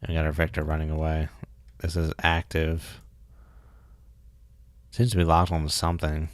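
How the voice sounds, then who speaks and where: A man's voice: a bass voice, completely flat delivery, moderate pace, no echo. A man casually thinking aloud while streaming a game, muttering and joking at himself. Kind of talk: casual live gameplay commentary.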